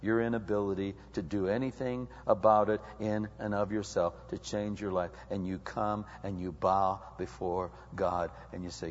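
A man's voice: low-pitched, fairly even intonation, moderate pace, few pauses, slight background noise. A male pastor preaching a sermon. He asks the congregation question after question and builds his intensity as he goes. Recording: dull sound with long hall reverb.

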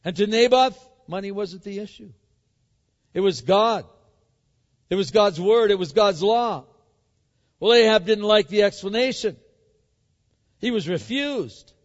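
A male pastor preaches with emphatic, animated delivery, his voice sitting fairly high and ranging widely. The sound is muffled and dull. A long hall echo trails every phrase. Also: slow, long pauses. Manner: animated, emphatic, acts out the scripture. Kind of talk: sermon.

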